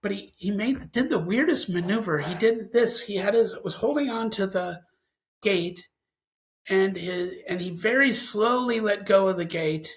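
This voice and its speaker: A man's voice: sits high, a little slow, fairly bright tone, low-quality recording. A man, a scientist guest, telling a personal story and acting out the dialogue as he goes.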